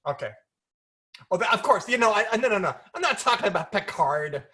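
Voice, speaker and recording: A woman's voice: mid-range voice, animated, fairly quick, fairly bright tone. A woman author chatting over a video call, playful and rambling, often stopping and restarting her sentences. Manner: playful, rambling, self-interrupting. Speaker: author being interviewed. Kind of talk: casual video-call conversation. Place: home, virtual event.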